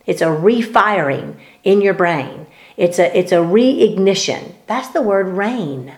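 A woman's voice: mid-range voice, animated, slow pace. A woman giving a fervent, preaching-style talk in conversation, emphatic and repeating her words as she builds to peaks. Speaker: speaker sharing faith teaching.

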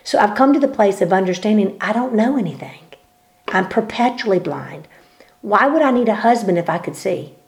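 A woman's voice: mid-range voice, lively intonation, a little fast, vocal fry, darkish tone. A woman giving a fervent, preaching-style talk in conversation, emphatic and repeating her words as she builds to peaks. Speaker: speaker sharing faith teaching.

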